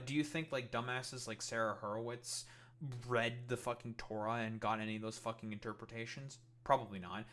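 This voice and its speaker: A man's voice: medium pitch, fairly bright tone. A man giving profane, heated political commentary, reacting to clips and swearing constantly.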